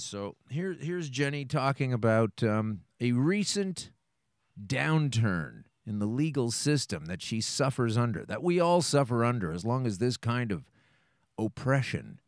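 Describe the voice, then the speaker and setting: Lively, blunt male podcast host. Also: medium pitch, no echo, studio quality. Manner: blunt, opinionated, sweary. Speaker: show host. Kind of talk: casual podcast commentary.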